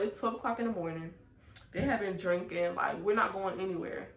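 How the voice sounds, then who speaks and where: A woman's voice: medium pitch, fast talker, creaky. Woman telling a story, echoey room. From North Carolina. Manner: animated, talks her way through the story with many fillers. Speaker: vlogger. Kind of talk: storytime chat.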